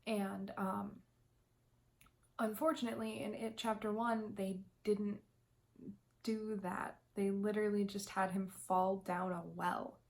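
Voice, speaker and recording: A woman's voice: mid-range voice, flat delivery, measured pace. A young woman vlogging her fan predictions in casual chat, talking in a loose, emotional way with lots of ums and restarts. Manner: chatty, emotional, many ums, tearful laughs.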